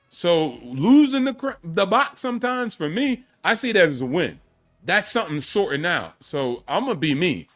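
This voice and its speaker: A man with a somewhat high voice holds forth in a casual podcast debate. He talks in street slang and leans hard on his punchlines, then drops to a low mutter. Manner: emphatic, slangy, swings from loud to low. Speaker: podcast co-host.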